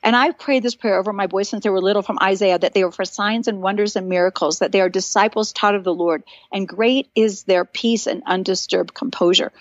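A woman's voice: medium pitch, fairly even intonation, brisk, few pauses, no echo, lo-fi sound. A woman in her fifties, a guest author, telling stories animatedly in a casual podcast conversation and acting out the voices she quotes.

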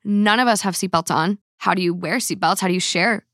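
A woman's voice: fairly low pitch, a bit bright, no echo, clean studio sound. Chatty woman hosting a podcast. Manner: chatty and candid, quick reactions. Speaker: podcast host. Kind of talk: casual podcast chat.

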